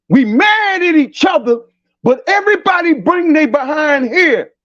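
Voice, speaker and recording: Man ranting as talk-show host, preachy, profane, very high voice, muffled lo-fi sound. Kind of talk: heated talk-show debate. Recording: dull lo-fi sound.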